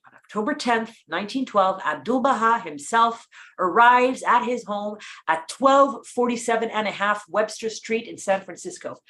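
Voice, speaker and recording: A woman's voice: mid-range voice, fairly bright tone. Enthusiastic woman teaching a history class. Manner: enthusiastic, with admiring asides and small restarts. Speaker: class presenter. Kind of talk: narrated history lesson over slides.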